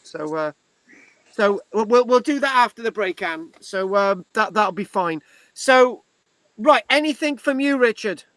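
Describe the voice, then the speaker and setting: High-voiced chatty British man tutoring online. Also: expressive, fairly bright tone, dry recording. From Britain. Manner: chatty, halting, many restarts. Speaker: history class tutor and host. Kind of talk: casual online class talk.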